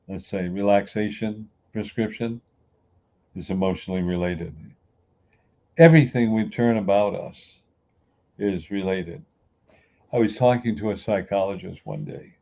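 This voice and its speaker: A man's voice: low-pitched, vocal fry, dark tone, dull audio. A man giving a folksy, emphatic motivational talk who grew up on the US East Coast. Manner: folksy, emphatic, acts out everyday people. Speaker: inspirational speaker.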